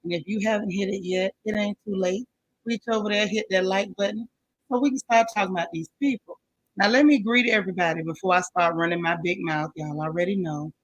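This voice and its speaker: A woman's voice: medium pitch, steady tone, fairly quick, low-quality recording. A woman hosting a casual live stream, chatting with viewers and greeting each one by name in folksy slang.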